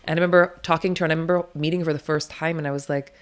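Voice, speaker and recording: A woman's voice: sits low, fairly even intonation, clean tone. A woman, a doula and interview guest, telling her stories in a blunt, emphatic way and swearing freely. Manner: rapid, run-on storytelling. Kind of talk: candid storytelling interview.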